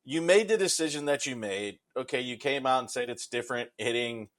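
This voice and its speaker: A man co-hosting a sports talk show, speaking in a slow, hesitant, laid-back way. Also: mid-range voice, a bit bright. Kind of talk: casual sports chat.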